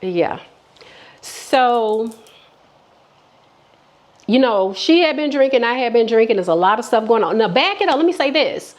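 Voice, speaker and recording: A woman's voice: on the high side, expressive, a little slow, pauses often. A woman vlogger telling a personal story in casual chat, candid and chatty, often acting out what people said. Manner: candid, chatty, many fillers and restarts, quotes people.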